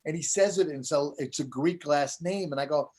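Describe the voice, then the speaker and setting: A man's voice: on the high side, normal speed. A man who is a comedian, telling anecdotes as a guest in a casual interview and acting out the voices of the people in them. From United States. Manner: animated storyteller, acts out voices in anecdotes.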